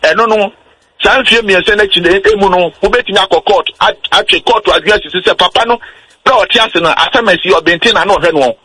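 A man on a radio talk show, patiently explaining how wills and estates work, slowing down on his key points. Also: high-pitched, bright, forceful tone, breathy edge, rough recording. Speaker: legal explainer guest.

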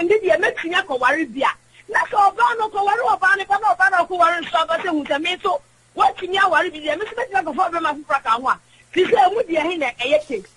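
A woman's voice: extremely high pitch, fairly bright tone, low-quality recording. A woman calling in to a radio show, talking emphatically and in a preachy way while mixing languages. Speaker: radio caller. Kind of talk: call-in opinion talk.

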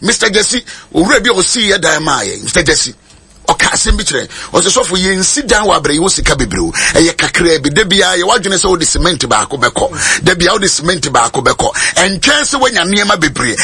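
A Ghanaian man preaching a sermon in a shouting, sing-song style. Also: sits high, sing-song, normal speed, slightly rough.

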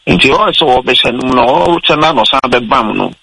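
Man, gravelly, bright tone, mixing Twi and English while telling a story on air. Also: medium pitch, animated, normal speed, no room sound, poor audio. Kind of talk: casual radio talk.

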